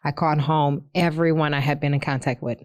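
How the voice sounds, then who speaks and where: A woman's voice: low voice, brisk, no echo. Casual woman podcast host. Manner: relaxed, laughs often, casual slang.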